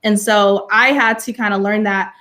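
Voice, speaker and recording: A woman's voice: mid-range voice, fairly even intonation, moderate pace, sharp tone. Passionate young woman from California. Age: young adult. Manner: passionate, heavy use of "you know". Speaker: panelist and teacher. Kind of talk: earnest personal testimony in a panel discussion.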